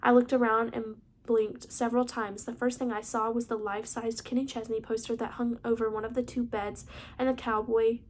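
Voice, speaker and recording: Hosting her own channel, a woman reads a novel aloud casually, making small slips and restarting now and then. Her voice is on the high side with a darkish tone, and there's a bit of background noise.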